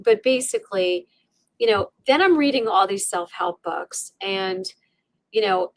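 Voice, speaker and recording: A middle-aged woman telling a personal story as an interview guest, animated and full of fillers, acting out her own inner voice. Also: mid-range voice, a little slow, dry recording. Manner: many fillers and restarts like "you know" and "like". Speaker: podcast guest.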